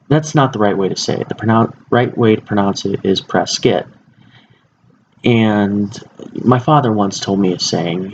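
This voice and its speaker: Low gravelly young man giving a speech. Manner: informal, with fillers and restarts. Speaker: student speaker. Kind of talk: informative class speech. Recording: muffled lo-fi recording with faint background hiss.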